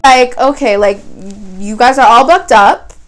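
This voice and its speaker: A young woman from Canada telling a casual storytime vlog, animated, with lots of "like" and voiced quotes of other people. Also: on the high side, unhurried, faint music behind, low-quality recording. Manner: animated retelling, heavy use of "like", voices other people's lines. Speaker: vlogger.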